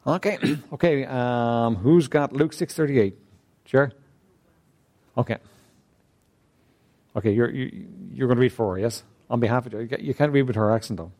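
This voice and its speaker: A man's voice: medium pitch, normal speed, pauses often, a little mellow. A man preaching a sermon who speaks emphatically, repeats key phrases and keeps asking the congregation "right?". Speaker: pastor.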